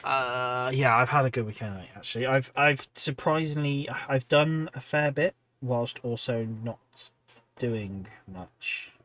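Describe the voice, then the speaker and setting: Male streamer, tired, chatty, rambling casual talk, mid-range pitch. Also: unhurried, a bit bright. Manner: rambling, chatty, many ums and restarts, reading out chat. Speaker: hobby livestream host. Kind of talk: casual livestream chat while painting miniatures.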